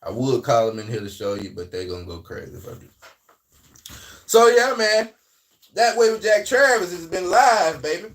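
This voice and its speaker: Southern male host, casual and rambling, a bit high-pitched, set back from the mic. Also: sing-song, moderate pace, distant mic. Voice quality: loose, rambling, swings between loud and quiet. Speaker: livestream host. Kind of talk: casual livestream chat.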